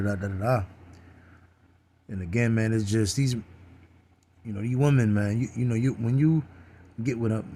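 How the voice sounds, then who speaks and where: A man's voice: on the low side, darkish tone, slight background noise. A man giving a casual religious talk in a streetwise, profane way, full of "you know" fillers.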